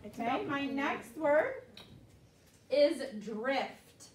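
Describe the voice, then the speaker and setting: Speaking extremely slowly and very animatedly, a high-pitched woman teaches children vocabulary, patiently drilling words in call-and-response and repeating them often. The elementary school teacher is in a classroom with the kids, captured from afar in an echoey room.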